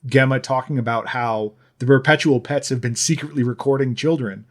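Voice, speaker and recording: A man co-hosting a podcast in casual chat, rambling and sardonic, his talk full of fillers and false starts. His voice sits at an ordinary middle pitch. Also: fairly quick. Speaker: podcast co-host.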